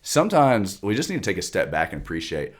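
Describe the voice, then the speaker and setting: A young man from Kentucky co-hosting a podcast, chatting casually with quick jokes. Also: low-pitched, huge pitch swings. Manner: joking, quick one-liners. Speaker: podcast co-host. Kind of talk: casual chat.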